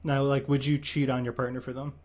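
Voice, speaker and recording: Deadpan monotone man hosting a stream. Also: mid-range voice, fairly quick. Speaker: streamer host. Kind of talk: casual chat on a stream.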